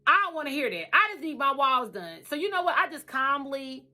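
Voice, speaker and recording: A woman vlogging her life story in a bright, forceful voice, talking casually and animatedly. She repeats phrases for emphasis and swings between loud and quiet. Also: sits high, very animated, fast talker.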